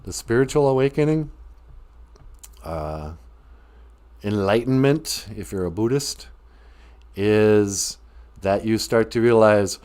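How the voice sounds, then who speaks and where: Slow, low-voiced man rambling on a live stream. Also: expressive, a little mellow, clean tone. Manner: joking and rambling, breaks into laughter and prayer. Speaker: host teaching Ojibwe words. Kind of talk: casual live-stream talk.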